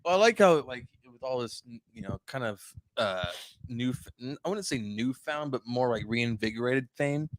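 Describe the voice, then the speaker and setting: A man's voice: mid-range voice, animated, moderate pace, dry recording. Laid-back man with a mid-range voice. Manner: laid-back, laughs often, filler-heavy. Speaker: podcast co-host. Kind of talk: casual chat.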